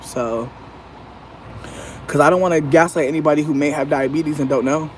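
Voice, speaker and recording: A high-pitched man rants to camera in a loose, swearing monologue. He talks animatedly and slips into shrill impressions of the people he quotes. Faint background noise sits under his voice. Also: normal speed. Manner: profane, animated, mimics others in a high voice. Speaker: vlogger. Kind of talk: casual venting monologue.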